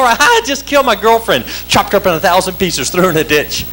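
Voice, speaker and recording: Hyped-up stand-up comic man, high and lively. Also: soft background music, low-quality recording. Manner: hyper, rapid-fire repetitive chanting. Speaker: stand-up comedian. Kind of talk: stand-up comedy routine. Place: club stage with live audience.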